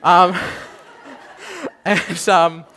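A young man giving a lively testimony sermon, acting out quotes and laughing as he tells his story. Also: high-pitched, drawn-out words, background noise. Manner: animated storytelling, acts out quotes, laughs often. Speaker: preacher. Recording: echoey hall.

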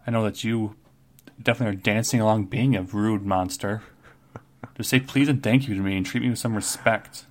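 A man's voice: lowish voice, fairly even intonation, brisk, close to an everyday voice. A man voicing a prickly, proud female barmaid who scolds a rude guest. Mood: sassy. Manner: scolding, demands manners.

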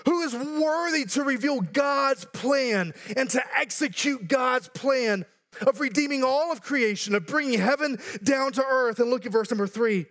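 A man's voice: extremely high pitch, a little slow, a bit bright, faint music behind. A pastor in his thirties or forties preaching a sermon earnestly, building to emphatic repeated lines with joking asides.

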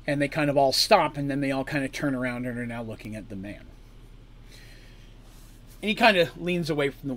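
A man's voice: mid-range voice, fairly bright tone, husky. A man narrating a tabletop story as game master, casual and explanatory, with frequent asides.

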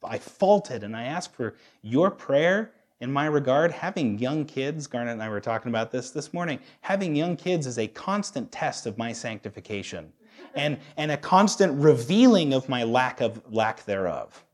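A man's voice: mid-range voice, expressive, moderate pace. A man in his thirties preaching a sermon as a pastor, candid and self-deprecating, often restarting his sentences. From United States.

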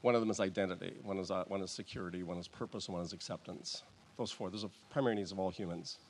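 His voice sits low as this male pastor gives a church sermon, with slight background noise audible. He preaches in a halting, conversational manner, restarting sentences and chuckling softly.

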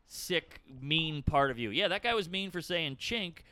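A man, a stand-up comedian, talking in a rapid, animated, rambling way as a guest in a casual chat. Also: on the high side, clean tone, dry recording.

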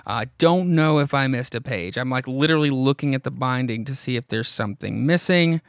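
A man's voice: medium pitch, fairly quick, vocal fry, dry recording, studio quality. A man hosting a podcast, casually retelling a comic with fillers and asides. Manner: rambling, frequent fillers and asides. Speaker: podcast host.

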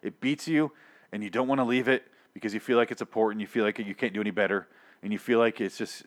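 A man's voice: fairly low pitch, fast. Profane, sarcastic ranting man. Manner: profane, sarcastic, animated rant. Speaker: podcast host. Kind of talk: ranting solo show review.

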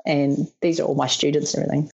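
Her voice sits low, with vocal fry and slight roughness, and she speaks fast on a muffled recording. She's a New Zealand stunt performer in her thirties telling animated stories in a casual interview, laughing often and voicing the people she quotes.

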